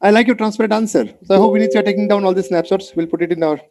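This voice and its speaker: Fast-talking high-voiced Indian English man. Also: background noise. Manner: energetic, coaxing, repeats phrases for emphasis. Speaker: mentor leading an online session. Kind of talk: motivational webinar talk. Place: video call.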